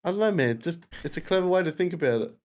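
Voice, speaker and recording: A man's voice: fairly high pitch, lively intonation, quick pace, a little mellow. A man hosting a live music game show, chatting casually and teasing the contestants. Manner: laughing, teasing banter. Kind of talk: casual live-stream chat.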